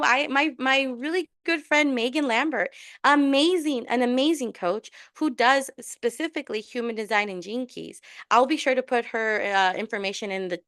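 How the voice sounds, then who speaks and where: A woman's voice: fairly high pitch, a bit bright, no echo, studio quality. A woman giving a tarot and spiritual workshop in an earnest, encouraging casual talk, with many restarts. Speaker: tarot reader and spiritual coach.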